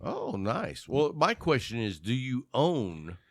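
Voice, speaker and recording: A man's voice: mid-range voice, wildly swooping pitch, takes it slowly, creaky, dry recording, clean studio sound. A man in his fifties hosting a podcast, joking and teasing in casual chat. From Texas. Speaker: podcast host.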